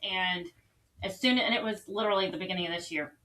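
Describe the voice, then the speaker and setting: A woman's voice: medium pitch, fast, bright, forceful tone, low-quality recording. A woman co-hosting a faith talk show, sharing a personal testimony in an earnest, rambling way. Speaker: co-host. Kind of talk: casual faith conversation.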